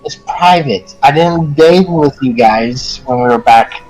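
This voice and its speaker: A man voicing a slow, stubborn young heroine. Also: mid-range voice, darkish tone, faint music behind, close to an everyday voice, poor audio. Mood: insistent.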